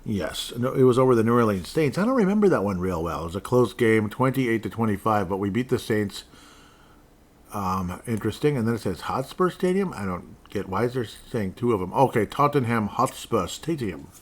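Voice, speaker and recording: A man with a fairly low voice hosts a solo podcast from his desk. He rambles through scores as he reads them aloud and drops dry, sarcastic remarks along the way. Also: expressive, fairly quick. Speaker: podcast host. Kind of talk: casual solo sports talk. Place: indoors at a desk in front of a screen.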